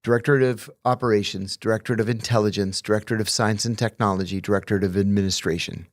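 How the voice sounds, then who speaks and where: A man, a former intelligence officer appearing as a guest, telling anecdotes in a measured, explanatory way. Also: on the low side, fairly even intonation. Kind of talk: conversational interview anecdotes.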